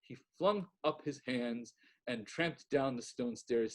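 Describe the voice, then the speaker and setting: A man reads a classic novel aloud as a library director, measured and expressive. His voice sits at a middle pitch, even and unhurried. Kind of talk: literary reading aloud.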